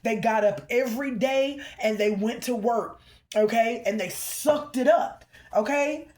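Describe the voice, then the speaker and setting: Emphatic higher-voiced woman giving a spiritual reading. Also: a little slow, darkish tone. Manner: emphatic, repeatedly checks in with "okay?"; calls out to the ancestors mid-reading. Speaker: spiritual reader.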